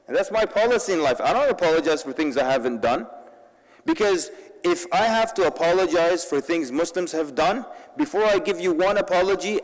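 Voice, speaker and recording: A man with a fairly high voice gives a lively, story-driven talk to a convention crowd, slipping Arabic words into his English. His voice rings out in a large hall with a long echo. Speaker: convention speaker. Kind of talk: humorous public talk.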